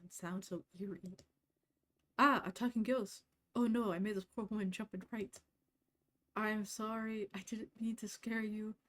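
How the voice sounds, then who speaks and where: A woman reading the lines of a gentle, confused ghost in a game, speaking softly and hesitantly. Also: mid-range voice, close to an everyday voice. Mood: anxious. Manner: soft, hesitant, apologetic. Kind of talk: reading game dialogue aloud.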